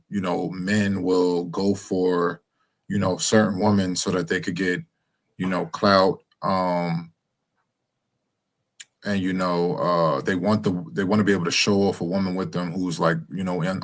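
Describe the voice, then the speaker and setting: A man's voice: sits low, fairly bright tone. A young man talking to his followers in a casual, rambling monologue, full of fillers and restarts. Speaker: commentator speaking to his followers.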